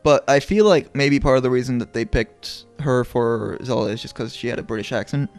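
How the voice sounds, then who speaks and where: A man in his twenties co-hosting a casual podcast, talking bluntly with some swearing while his voice goes hoarse. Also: medium pitch, fairly quick, faint music behind. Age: 20s. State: voice going hoarse. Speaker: podcast co-host. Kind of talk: casual chat.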